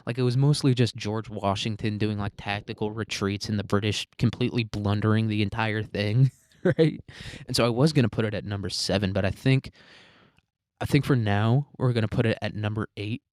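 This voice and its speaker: Young man, casual profane host type, low-pitched, dry, loose and rambling. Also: a little fast, a little mellow, no echo. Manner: rambling, crude, laughs often, lots of "like" and "dude". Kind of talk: casual profane ranking chat.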